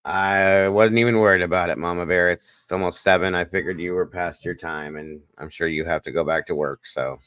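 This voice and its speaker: Deep-voiced man chatting on a livestream. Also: fairly even intonation, fairly quick, hardly any pauses, a bit bright, clean tone, dry recording. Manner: chatty, talks to viewers by name, wired on coffee. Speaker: livestream host. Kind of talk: casual livestream chat reading comments.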